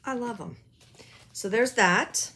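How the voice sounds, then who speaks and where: A woman's voice: on the high side, takes it slowly, bright, forceful tone. Chatty woman, rambling with ums. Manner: self-deprecating and gushing. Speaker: cross-stitch vlogger. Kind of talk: casual show-and-tell chat.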